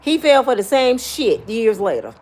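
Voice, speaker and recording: A woman's voice: fairly high pitch, big pitch swings, moderate pace, darkish tone. A middle-aged woman talking bluntly and profanely, giving life advice in casual, preachy storytelling.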